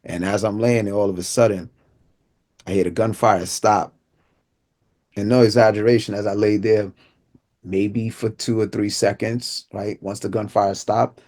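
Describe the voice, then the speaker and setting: Middle-aged New man, gravelly voice, inspirational speaker giving personal testimony with repeated phrases. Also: lowish voice, steady tone, moderate pace. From Brooklyn, New York. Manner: vivid storytelling, repeats phrases, drops to a hush for tense moments.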